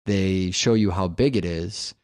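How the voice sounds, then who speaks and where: Low-voiced man talking films casually. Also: a little slow, darkish tone, no room sound, clean studio sound. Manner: rambling, thinks aloud with many fillers. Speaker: podcast co-host. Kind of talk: casual film discussion.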